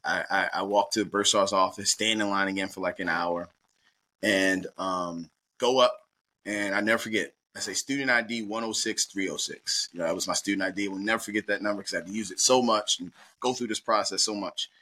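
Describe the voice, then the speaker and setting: Forceful low-voiced man telling a story. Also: a little fast. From Baltimore, USA. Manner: lively anecdotal, acts out dialogue. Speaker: guest. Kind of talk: personal storytelling.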